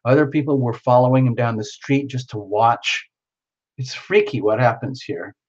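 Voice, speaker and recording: A man hosts a live tarot stream, talking casually with viewers in a rambling, playful, teasing manner full of fillers and restarts. His voice is mid-range at normal speed, and the audio sounds dull.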